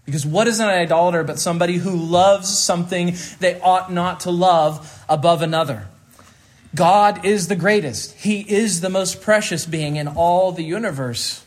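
A man preaching a sermon, teaching in a deliberate, emphatic way and slowing down on key phrases. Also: sits high.

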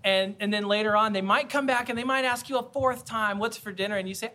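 Bright, high-voiced male preacher. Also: fast. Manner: earnest, conversational preaching with repetitions. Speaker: pastor. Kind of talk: sermon.

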